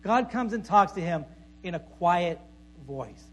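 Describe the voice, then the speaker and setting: A male pastor preaching a sermon before a congregation in a conversational way, checking in with "right?" and dropping to a soft voice for emphasis. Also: high-pitched, lively intonation, a little slow. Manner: conversational preaching with frequent "right?" tag questions and stammered repeats; drops to soft, quiet tones for emphasis.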